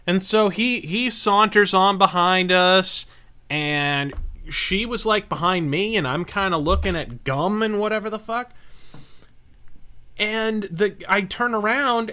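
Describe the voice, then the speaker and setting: Man, host, high bright voice, lively swooping pitch, profane storyteller. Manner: profane, animated, laughing anecdote. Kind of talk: casual storytelling while gaming.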